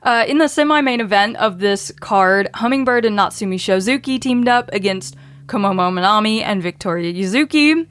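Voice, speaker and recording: A woman's voice: mid-range voice, animated, moderate pace, clean tone. A woman hosting a podcast, running through match results in a casual way and laughing often. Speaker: podcast host.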